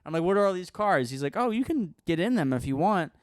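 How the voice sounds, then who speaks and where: Fast-talking, profane male comedian. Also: high-pitched, no echo, studio quality. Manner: profane, animated storyteller. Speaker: stand-up comedian. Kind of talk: casual podcast chat.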